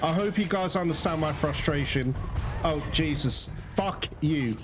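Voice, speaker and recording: A man's voice: fairly high pitch, unhurried, noisy background. A man giving live commentary while playing a video game, frustrated and swearing at the game as he talks to his viewers. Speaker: gaming channel host.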